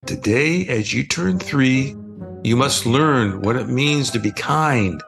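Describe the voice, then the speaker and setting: A wise storybook father, calm and patient, voiced by an older man reading aloud. His tone is instructive and steady, with a gravelly edge. Soft music plays beneath. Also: mid-range voice, takes it slowly, exaggerated voice.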